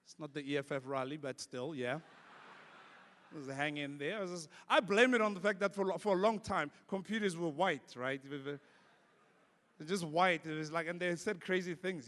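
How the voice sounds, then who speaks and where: Young south african man, a comedian on stage, fairly high voice, long hall echo. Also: normal speed. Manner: animated storytelling that acts out voices. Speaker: stand-up comedian. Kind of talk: stand-up comedy. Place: large conference hall.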